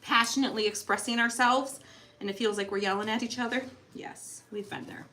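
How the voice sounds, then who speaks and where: A woman's voice: a little high, fairly even intonation, fairly quick, sharp tone. A middle-aged woman hosting a live crafting tutorial from her home craft room, chatty and playful, laughing often and teasing. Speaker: craft show host.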